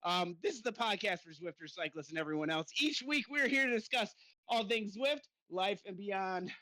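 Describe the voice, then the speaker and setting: A man's voice: sits high, animated, moderate pace, sharp tone, dry recording. A middle-aged man hosts a live podcast from his bike trainer, out of breath as he pedals. He talks in an upbeat, chatty way, laughing and stumbling over his words. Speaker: podcast host. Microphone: desk mic on a stand.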